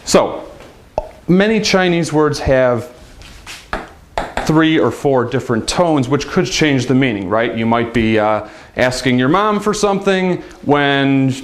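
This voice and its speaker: A man's voice: medium pitch, measured pace. A man giving a casual, upbeat language lesson, chatty and demonstrating sounds with big swings of his voice. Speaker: language teacher.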